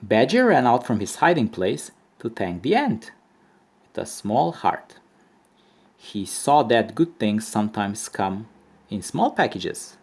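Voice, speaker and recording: A male teacher reading a children's story aloud to primary pupils. His delivery is slow and unhurried, with a lively melody, and it stays expressive throughout. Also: on the low side.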